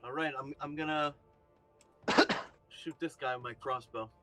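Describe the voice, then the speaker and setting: A man's voice: a little high, fairly even intonation, unhurried, pushed and bright, no echo, soft background music. A man playing a tabletop game, laying out tactics in a laid-back, casual way. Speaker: player.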